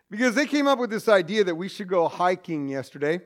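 A man's voice: sits high, big pitch swings, fairly quick. A man telling a humorous personal story to an audience, self-mocking and full of joking asides.

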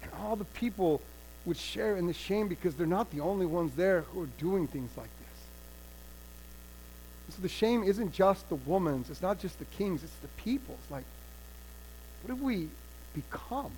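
A man preaching a sermon, retelling a story with animated storytelling that swings from loud to hushed. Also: high voice, moderate pace, pauses often, slight background noise, rough recording.

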